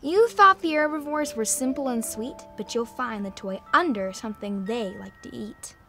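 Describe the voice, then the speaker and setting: Bright sing-song woman reading clues. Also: fairly high pitch, moderate pace, gravelly, faint music behind. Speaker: reads the clues in a kids' video. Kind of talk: reading rhyming clues aloud.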